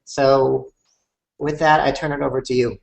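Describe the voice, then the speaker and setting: Guy hosting a talk, calm and thoughtful, a few ums here and there. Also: mid-range voice, gravelly, rough recording. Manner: measured, thoughtful, slightly hesitant with fillers. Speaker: host, conversation moderator. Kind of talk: reflective conversation.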